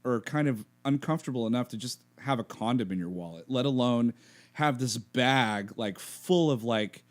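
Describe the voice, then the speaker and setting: Male podcast co-host, casual, chatty, laughs a lot, mid-pitched voice. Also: normal speed. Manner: laughs often, retells scenes with quoted voices. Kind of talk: casual chat.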